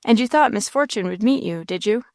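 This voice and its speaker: A woman's voice: medium pitch, expressive, a little fast, creaky, darkish tone, no room sound, studio quality. Woman reading as a blunt country innkeeper. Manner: folksy rural dialect. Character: big red-faced country innkeeper, blunt and curious.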